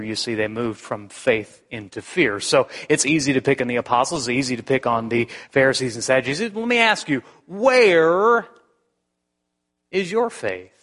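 Preaching in a conversational style, this male pastor restarts phrases and throws out rhetorical questions. His voice sits on the high side with a fairly bright tone, and the sound carries a long hall reverb.

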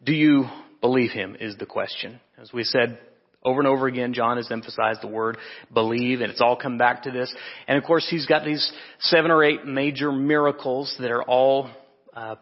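A pastor giving a relaxed, conversational sermon to an evening congregation, pausing with fillers and correcting himself. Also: male voice, medium pitch. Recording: muffled, reverberant church hall.

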